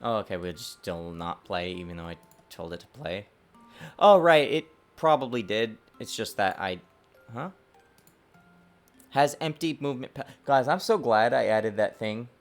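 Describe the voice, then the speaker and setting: A man streaming his game development work, talking to himself in a lively, self-mocking way. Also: lowish voice, moderate pace, soft background music. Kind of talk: casual livestream dev commentary.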